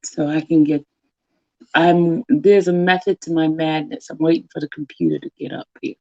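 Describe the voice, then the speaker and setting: Woman hosting a stream, calling out names, low mellow voice, kinda muffled dry sound. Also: fairly even intonation, no room sound. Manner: greets viewers one by one by name, slow and drawn out. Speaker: livestream host. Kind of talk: casual livestream chat. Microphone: computer or phone mic.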